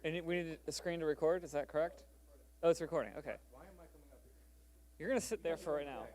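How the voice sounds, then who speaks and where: A man's voice: fairly high pitch, fairly even intonation, a little fast, darkish tone. A man giving an unprepared, improvised lightning talk at a conference, speaking in a loose, chatty way.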